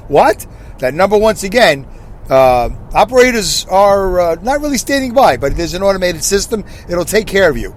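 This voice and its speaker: A man's voice: sits high, big pitch swings, moderate pace, slight background noise. A man in his sixties hosting a casual solo podcast from his car, rambling and correcting himself, and asking listeners questions. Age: 60s. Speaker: podcast host.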